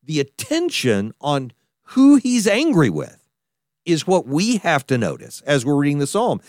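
A man delivers a sermon with a fairly high voice that swings widely in pitch. He talks conversationally, restarting sentences and adding asides as he goes. The sound is close and dry, with no room echo. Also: a little slow. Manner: animated, conversational preaching with frequent restarts and asides. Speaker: pastor.

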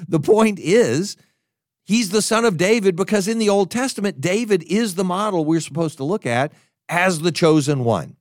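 A man preaching a sermon, emphatic and animated, often stumbling and restarting his words. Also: high-pitched, moderate pace, dry recording, clean studio sound. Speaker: pastor.

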